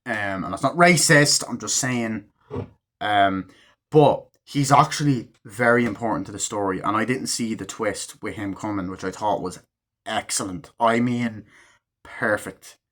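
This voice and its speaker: A man giving a casual, rambling movie review, full of fillers and the odd swear, acting out characters' lines in quick snippets. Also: fairly low pitch, fairly bright tone.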